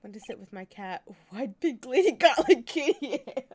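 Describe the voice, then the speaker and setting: A woman's voice: high voice, very animated, moderate pace, noisy background. A woman streamer chatting casually while playing a video game, filling her talk with "like" and giggling. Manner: chatty, says "like" often, giggly.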